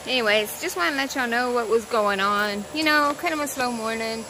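Her voice a little high and brisk, a young woman chats through a casual vlog from the car before work. Background noise fills the clip as she rambles, leaning heavily on fillers.

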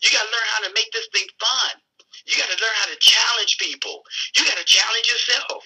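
A man giving a fervent motivational pep talk, preacher-like and repeating phrases for emphasis, his voice hoarse and worn out. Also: sits high, a little fast, sharp tone, low-quality recording. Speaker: motivational speaker.

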